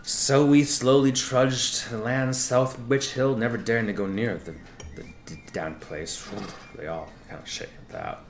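A man narrating a tabletop game as game master, telling a character's backstory in a slow, drawn-out way with laughs and restarts. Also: medium pitch, echoey room.

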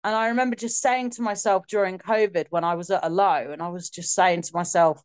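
A young woman singer, telling stories in a casual interview, chatty and excitable with acted asides. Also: on the low side, a little fast, clear, resonant tone, no room sound. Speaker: singer and guest.

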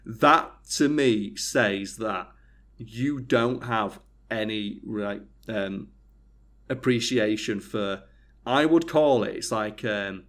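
This young co-host has a lowish voice and speaks slowly while chatting casually on a podcast about something from work. He brings the story to life by acting out what people said, cursing freely along the way.

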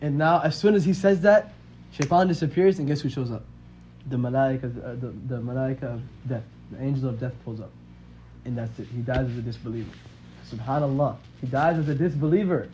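In dull, lo-fi audio with a faint hiss, a religious teacher in his twenties tells a religious story. His mid-range voice is brisk and warm, and he keeps it casual and conversational, often asking "right?".

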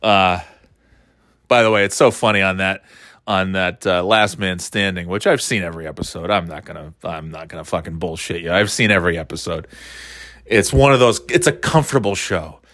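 A man's voice: deep voice, fairly quick, dry recording. Rambling profane man, dry sound. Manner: rambling, profane, animated impressions. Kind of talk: casual comedic monologue.

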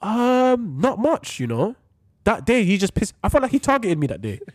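A man's voice: high-pitched, moderate pace. A young man, chatting casually and telling stories with lots of slang. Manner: animated storytelling with slang, laughs often. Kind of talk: casual chat.

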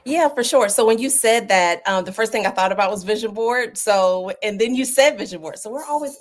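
A woman's voice: mid-range voice, animated, a little fast. Woman co-host, upbeat, voice bounces around a lot, chiming in. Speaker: podcast co-host. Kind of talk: casual podcast chat.

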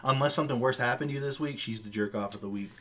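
A man co-hosting a casual podcast, telling a story in a lively, profane way. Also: mid-range voice, very fast. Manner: animated storyteller, swears freely. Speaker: podcast co-host.

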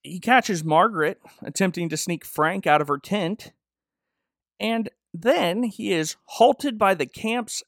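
A man's voice: a little high, a bit bright, no room sound, clean studio sound. A man casually recapping a TV episode with joking, rambling asides. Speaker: podcast host.

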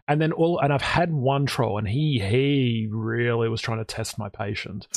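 Casual guy hosting a chat show, tells stories animated, jumps into excited high voices, dry close sound. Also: moderate pace, no echo. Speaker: podcast host and streamer.

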